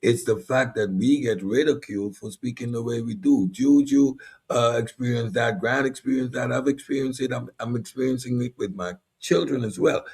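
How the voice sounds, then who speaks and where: A man with a Caribbean accent hosting a casual panel talk, animated and drawing out key words. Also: mid-range voice, moderate pace, slightly rough. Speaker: podcast host.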